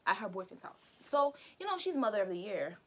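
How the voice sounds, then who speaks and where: Chatty woman recapping with lively energy. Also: medium pitch, fairly quick. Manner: animated, chatty, acts out characters' lines. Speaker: vlogger recapping an anime. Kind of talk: casual chat while doing makeup.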